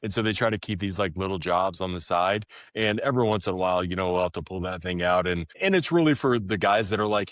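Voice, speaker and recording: A man talking plainly and quickly in a casual podcast conversation, often restarting his sentences. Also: low-pitched, fairly bright tone, no room sound, studio quality. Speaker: podcast guest, roofing company leader.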